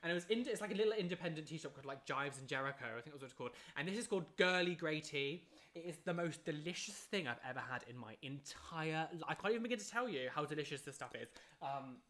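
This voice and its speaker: A live streamer in casual chat, reading and answering viewer questions, chatty and excitable, humming little tunes between answers. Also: medium pitch, fast. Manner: chatty and excitable, hums filler tunes, laughs often.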